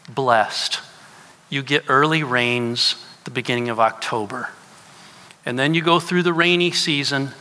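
A man's voice: mid-range voice, bright, forceful tone. A middle-aged man, a pastor, preaching a sermon and asking his congregation questions as he teaches. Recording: long reverb of a large hall.

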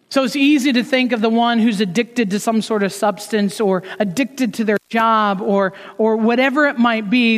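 A man preaching a sermon in an earnest way, pressing some words hard and dropping others to a softer tone. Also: sits high, in a large hall. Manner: earnest preaching with rising emphasis, drops to soft asides. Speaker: pastor.

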